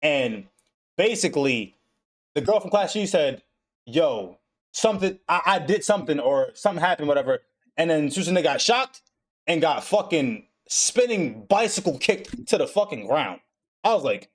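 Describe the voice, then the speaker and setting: Animated, profane young man recapping. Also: a little high, moderate pace. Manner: animated, profane storytelling with acted-out quotes. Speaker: podcast host recapping an anime. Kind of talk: casual chat.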